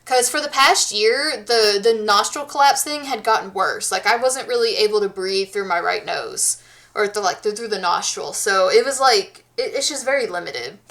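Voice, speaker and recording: A woman's voice: mid-range voice, animated, normal speed, fairly bright tone. A woman in her thirties from the United States, chatting casually with her stream viewers and rambling along with many restarts and fillers.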